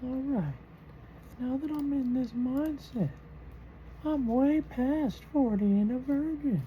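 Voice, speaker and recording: Woman putting on a high croaky old voice. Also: dull audio, slight background noise. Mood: croaking. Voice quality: throaty, croaking. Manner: drawn-out, slowed speech. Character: croaky elderly person, slow and drawling.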